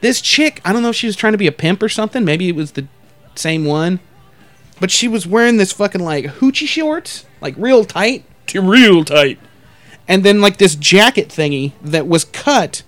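A man's voice: high voice, expressive, moderate pace, a bit bright, no echo, soft background music. A man hosting a podcast, telling crude comedic stories in a rambling, profane way and acting out other people's lines. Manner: profane, rambling, acts out quotes in exaggerated voices. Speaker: podcast host.

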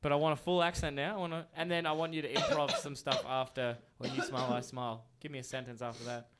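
A man co-hosting a casual podcast chat, excitable and quick to laugh. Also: medium pitch, heavy background noise. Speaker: podcast co-host.

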